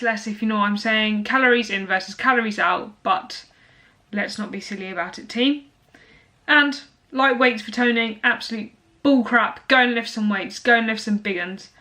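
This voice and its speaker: A woman's voice: fairly high pitch, steady tone, normal speed, sharp tone. A young woman talking casually to camera as a fitness vlogger, blunt and motivational, with lots of fillers.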